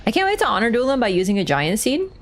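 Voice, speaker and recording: Animated woman streaming a game. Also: on the high side, very fast. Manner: excitable, shouts at the game and laughs often. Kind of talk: live game streaming commentary.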